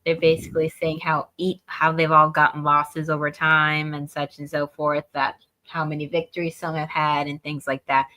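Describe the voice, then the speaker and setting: A woman co-hosting a casual podcast, recapping events in a brisk, matter-of-fact way. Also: low voice, flat delivery, sharp tone. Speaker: co-host of a wrestling review show.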